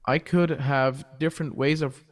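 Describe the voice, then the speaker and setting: A man's voice: fairly high pitch, fairly even intonation, normal speed. A male guest on a video call, explaining step by step with many fillers. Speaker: guest voice teacher.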